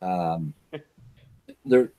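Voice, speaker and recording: A man's voice: low voice, extremely slow, warm tone. A man hosting a casual livestream chat, laid-back and teasing as he reads viewer comments. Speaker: host reading viewer chat.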